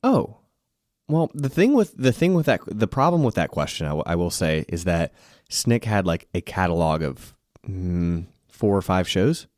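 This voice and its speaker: A man's voice: deep voice, big pitch swings, moderate pace, darkish tone, dry recording, studio quality. A man co-hosting a podcast in casual chat over drinks, rambling and self-deprecating, a bit tipsy, swearing freely. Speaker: podcast co-host.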